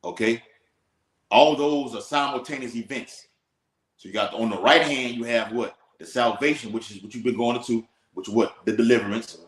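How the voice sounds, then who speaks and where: A man's voice: medium pitch, normal speed, a bit bright. A man teaching scripture in an emphatic, preacherly way, checking in with "all right?". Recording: echoey room.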